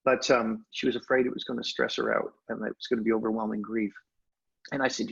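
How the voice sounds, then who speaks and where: An older man with a gravelly, husky voice tells stories as a podcast guest. His delivery is animated, with sudden lifts in pitch. The audio is dull and lo-fi. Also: fast talker. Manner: animated storyteller, expressive pitch jumps. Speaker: guest, hypnosis trainer. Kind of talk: storytelling in conversation.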